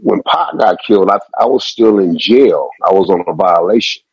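A man with a low, gravelly, husky voice tells a rambling, profane story from the streets as a podcast guest. The sound is dry and a little dull, as on a lo-fi recording. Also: normal speed, no echo. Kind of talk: storytelling interview.

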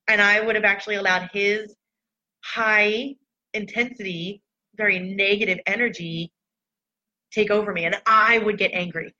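A woman with a bright, forceful voice shares personal reflections in a candid, loose way. She talks casually to her followers, and the sound is dull and lo-fi. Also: mid-range voice, moderate pace. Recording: dull lo-fi recording.

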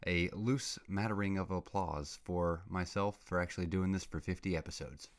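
A man hosting his own comedy podcast, rambling excitably and throwing in slang like "dude" and "bro" as he rants. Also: low-pitched, normal speed, slight background noise. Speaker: podcast host. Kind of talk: comedic solo podcast rant.

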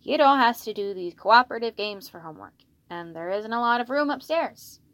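A woman's voice: on the high side, expressive, brisk, fairly bright tone. A woman voicing a playful, teasing older boy with a bouncy delivery.

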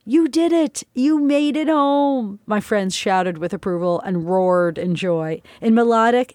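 A woman narrating her own memoir as an audiobook, slow, reflective and heartfelt. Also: fairly low pitch, a little mellow, no echo, studio quality.

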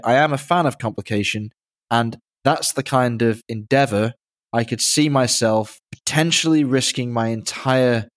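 A man with an English accent hosting a podcast, joking in a dry, self-mocking way. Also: medium pitch. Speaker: podcast host. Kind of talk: casual podcast banter.

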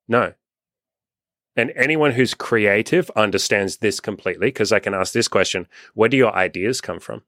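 A man's voice: lowish voice, normal speed, a bit bright, no room sound, clean studio sound. A young man hosting as a dating coach, talking casually and profanely and acting out the voices of people he quotes. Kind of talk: casual podcast conversation.

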